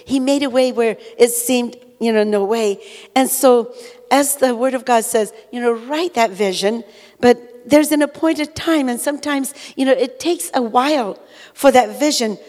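A woman's voice: on the high side, normal speed, darkish tone. An older woman giving a conversational sermon testimony, rambling with many "you know" fillers. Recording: long echoey hall reverb.

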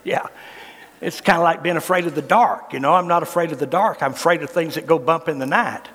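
High-voiced pastor preaching. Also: male voice, fast, a bit bright, breathy edge, big-room sound. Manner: fervent, folksy and humorous. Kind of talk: sermon.

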